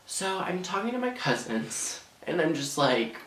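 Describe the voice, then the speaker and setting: A man's voice: high voice, sing-song, a little slow, a bit bright, a little hiss or hum. A teenage boy telling a dramatic storytime in a rambling way, full of fillers. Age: teens. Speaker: vlogger. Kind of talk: storytime vlog. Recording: echoey room.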